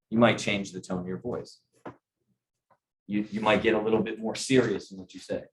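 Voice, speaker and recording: A man's voice: lowish voice, normal speed, a little hiss or hum. A middle-aged man leading a sales training session, talking casually and often checking in with his audience. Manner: conversational, asks the audience questions. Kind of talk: training talk to a group.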